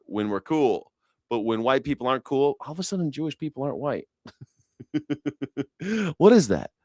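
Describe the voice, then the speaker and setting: A man's voice: mid-range voice, no room sound, studio quality. A man hosting a news reaction show, riffing sarcastically in rambling, profane commentary. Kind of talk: casual comedic commentary.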